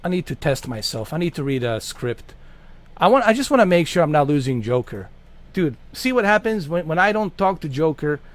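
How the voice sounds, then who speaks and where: A man hosting a gaming channel, chatting in a casual, rambling way and swearing freely. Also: high-pitched.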